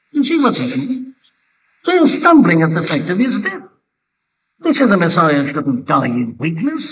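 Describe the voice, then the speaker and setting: A man's voice: high voice, wildly swooping pitch, normal speed, pauses often. A man preaching a sermon, with emphatic rhetorical questions that build up. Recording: distant phone-like hall recording.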